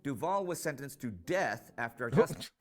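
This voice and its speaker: Animated man narrating a history documentary. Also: mid-range voice. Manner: measured storytelling delivery, rises for quoted speech.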